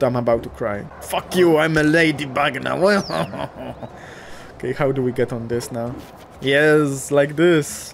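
A young man casually commentating a cute game, gushing, swearing lightly and talking to the characters, often jumping up into excited squeals. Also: mid-range voice, a little hiss or hum. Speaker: gaming YouTuber.

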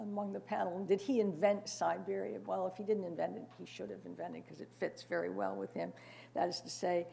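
A woman's voice: on the low side, vocal fry, mellow, slight background noise. An older woman giving a prepared panel talk in a wry manner, with frequent fillers and asides. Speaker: panel speaker.

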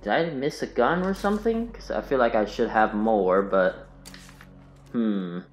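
A man with a lowish voice gives casual let's-play commentary, mumbling as he thinks aloud to his viewers. His voice sounds roomy. Game music plays faintly underneath. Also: animated, measured pace, lo-fi sound. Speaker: gaming channel host.

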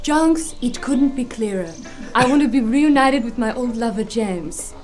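A woman's voice: on the high side, lively intonation, measured pace, darkish tone, faint music behind. Woman playing a swooning lovesick diva. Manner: breathy gasping melodrama, frequent laughing. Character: dramatic lovesick woman, theatrical.

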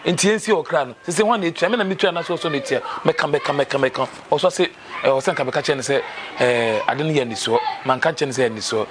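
A man playing a fast-talking worried driver. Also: on the high side, background noise, lightly acted. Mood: anxious. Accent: Ghanaian. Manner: rapid storytelling, anxious. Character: worried adult man, spiritually troubled driver. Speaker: troubled taxi driver.

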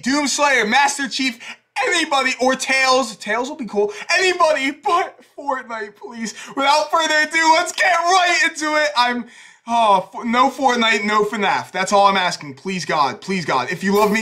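A young man talking fast as a YouTuber in an excited reaction video. He rambles nervously, swears often and sounds hyped. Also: very high voice. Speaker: YouTuber reacting to a game trailer.

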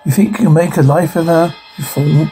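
A man's voice: on the high side, a little fast, dark tone, faint music behind, lightly acted, low-quality recording. An actor playing the mocking evil double of a male hero, lewd and cruel, taunting in a TV horror-comedy. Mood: sneering.

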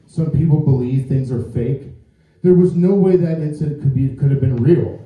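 In a mid-range voice at normal speed, a man does a rambling, self-mocking stand-up set for a live audience. The audio is narrow and tinny, picked up from far away in an echoey club.

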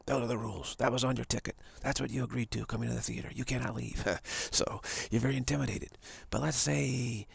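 A man's voice: mid-range voice, steady tone, a little fast, creaky, hardly any pauses, breathy edge, dry recording. A man on a live stream, telling a long hypothetical story in a rambling way with many restarts. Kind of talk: storytelling monologue. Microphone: home setup for a live stream.

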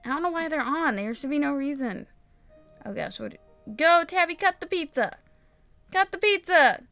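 Excitable woman let's-play host, high, bright and very lively, chatty commentary over faint game music. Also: moderate pace, no room sound. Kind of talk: casual gameplay commentary. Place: home, in daytime.

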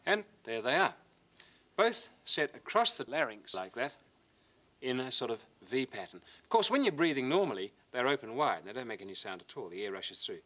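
Male science presenter, middle-aged, animated pitch, bright voice, hands-on demonstrating. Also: brisk.

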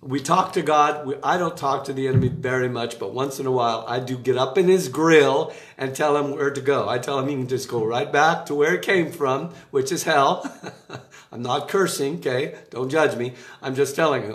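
A man giving a casual devotional talk from a room in his home, chatty and animated, with asides and laughter. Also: medium pitch, moderate pace, echoey room. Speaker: preacher giving an online devotional. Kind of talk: casual preaching to camera.

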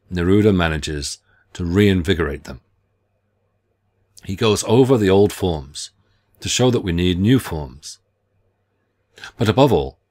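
Deep-voiced man giving a measured literature lecture. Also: a little mellow. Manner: measured, deliberate reading with careful phrasing. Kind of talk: scripted academic lecture.

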